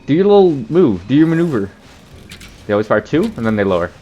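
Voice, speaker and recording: A man's voice: medium pitch, big pitch swings, fast talker, warm tone, highs cut off, soft background music. A man hosting a let's play, joking and swearing in casual gameplay commentary. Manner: profane, joking, laughs often.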